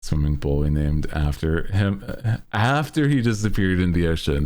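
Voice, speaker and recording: Deep-voiced laid-back male streamer. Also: sing-song, normal speed, slight background noise. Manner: laid-back, rambling with many fillers; bursts into loud laughter. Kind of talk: casual chat.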